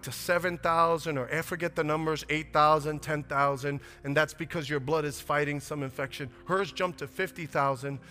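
Man preaching, high-pitched, bright forceful tone, hushed then impassioned, long hall reverb, soft music behind. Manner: swings from hushed storytelling to loud impassioned preaching. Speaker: pastor. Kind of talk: sermon.

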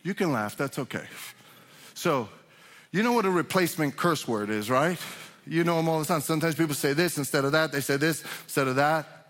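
A pastor delivers a sermon, his voice sitting a little high for a man. He talks loosely with restarts, then presses his points harder. The sound carries a long reverb from the hall around him. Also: a little fast, a bit bright. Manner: conversational preaching with restarts, rising to emphatic. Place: church sanctuary.

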